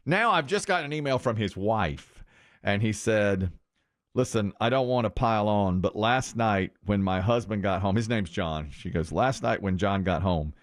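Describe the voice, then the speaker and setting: A middle-aged man hosting a morning radio show, telling stories in casual banter and acting out the quotes with big jumps in his voice. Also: moderate pace. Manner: animated storyteller, acts out quotes with big pitch jumps.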